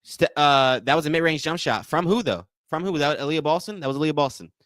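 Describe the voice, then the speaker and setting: A man's voice: on the high side, fast talker, fairly bright tone, no room sound, studio quality. A man hosting a live watch-along, giving casual play-by-play and chatting with viewers, often repeating himself and calling them y'all. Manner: repetitive, addresses chat as y'all, thanks donors. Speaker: livestream host.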